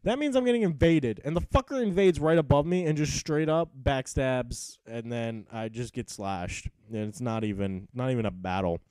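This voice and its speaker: A man's voice: on the high side, expressive, a little fast, few pauses, a little mellow, no echo. A young man giving casual, rambling commentary over recorded gameplay, swearing often and poking fun at himself. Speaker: gaming commentator.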